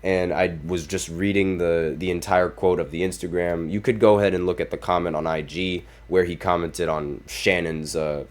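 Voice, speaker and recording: A man's voice: deep voice, fairly even intonation, moderate pace, hardly any pauses. A man hosting a basketball podcast, giving opinionated casual commentary and reading quotes aloud. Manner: opinionated, reads quotes aloud, apologetic asides. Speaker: podcast host.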